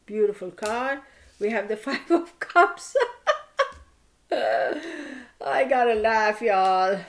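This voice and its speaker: A woman giving a casual tarot card reading to camera, chatty and animated, playfully scolding her viewers. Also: mid-range voice, vocal fry. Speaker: tarot reader.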